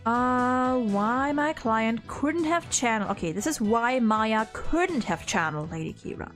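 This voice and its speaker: A German-born woman streaming a courtroom game, thinking aloud with excitable outbursts and stumbling restarts. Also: fairly high pitch, a little slow, faint music behind. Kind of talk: let's-play commentary.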